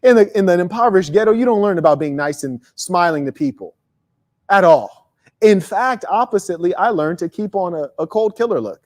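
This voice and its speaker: A man hosting a casual motivational monologue, talking bluntly and profanely with animated storytelling. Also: high voice, a little fast. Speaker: host.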